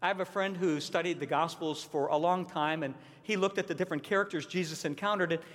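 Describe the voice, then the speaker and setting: Earnest preacher in an echoing hall. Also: male voice, a little high, fast, fairly bright tone. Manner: earnest, emphatic, repeats key points. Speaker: pastor. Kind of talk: sermon. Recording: long reverb of a large hall.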